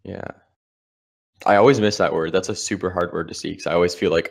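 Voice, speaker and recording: A man's voice: sits low, steady tone, brisk, vocal fry. A man giving live commentary on a board game match, explaining the strategy of each move. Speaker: Scrabble commentator.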